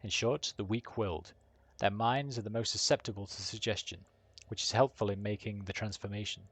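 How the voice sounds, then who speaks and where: A man's voice: lowish voice, fairly even intonation, brisk, husky, dry recording. A flamboyant, painted elf from a game , read by a male streamer. The elf explains things in a breezy, wry manner, dropping dry jokes along the way.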